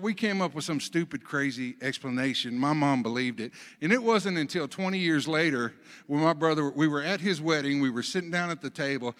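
A man preaching a sermon, telling folksy stories between Bible readings, swinging from soft asides to loud emphasis. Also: a little high, in a large hall. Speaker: pastor.

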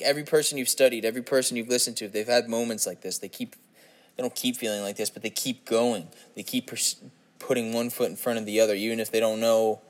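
A young man hosting a solo podcast, rambling and swearing as he questions himself in frustration while sitting on a toilet. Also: medium pitch. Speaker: podcast host.

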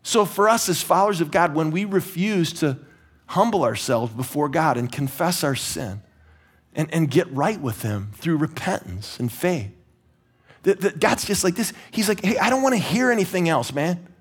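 A male pastor preaching with a somewhat high voice, emphatic and earnest. He swings between urgent raised bursts and low, slowed-down stresses, and sometimes stumbles on repeated words. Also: animated, husky. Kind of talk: sermon.

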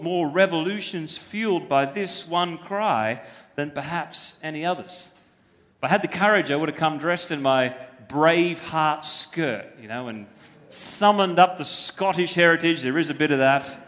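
A man with a high voice delivers a sermon, pressing his points emphatically and asking rhetorical questions. His voice rings with a long reverb that fills the church hall around him. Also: unhurried, fairly bright tone. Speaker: pastor.

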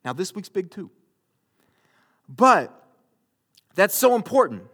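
A man with a high voice preaches to a congregation. He talks casually and directly to the room, and now and then gets louder and more emphatic. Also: very animated, takes it slowly. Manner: conversational preaching, rising to loud emphatic bursts. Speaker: pastor. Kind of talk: sermon.

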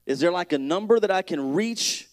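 A man in the pulpit of a church, preaching in a loose, conversational way and cracking jokes between scripture readings. His voice sits a bit high for a man, and he swings from lifted, ringing reading down to quiet asides. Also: animated, normal speed. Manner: conversational, joking preaching, reads scripture aloud with rising energy. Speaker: pastor. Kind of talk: sermon.

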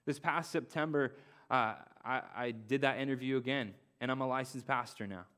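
A young male pastor in the middle of a sermon, talking with earnest conviction. He leans on repeated phrases and slips easily into casual slang as he preaches, his voice sitting at an ordinary middle pitch. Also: moderate pace, a bit bright.

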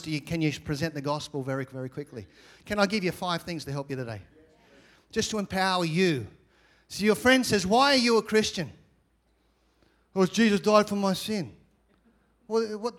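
With a high voice and plenty of energy, a man preaches as a pastor, repeating phrases and swinging between loud and quiet.

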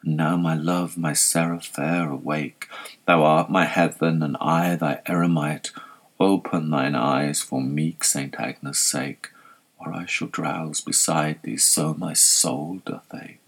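An ardent young man tenderly urges his beloved to wake and flee with him, as a man reads his part. His voice stays deep and unhurried. It suits a storybook reading of a romantic poem. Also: fairly even intonation, creaky, exaggerated voice. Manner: urgent, tender verse. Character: ardent young male lover urging flight.

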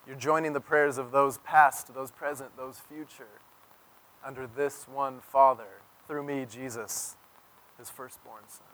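A man preaching a sermon as pastor, telling stories and swinging from loud emphasis to near-whisper. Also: mid-range voice, steady tone, measured pace, a little hiss or hum.

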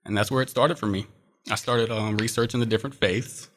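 A man's voice: fairly low pitch, fairly even intonation, fairly quick, a bit bright. A young man as an interview guest, earnestly telling a personal faith story with frequent fillers.

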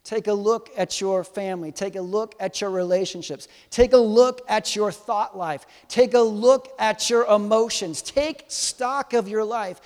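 A man preaching a sermon to a live congregation, animated and swinging from soft to loud, teasing and quizzing his listeners. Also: sits high, a little slow, hardly any pauses. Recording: long hall reverb.

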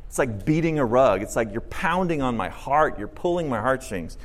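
A man's voice: mid-range voice, normal speed. A man preaching a sermon, asking his listeners questions and acting out the lines he quotes. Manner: animated preaching, asks the audience questions, acts out quotes. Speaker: pastor.

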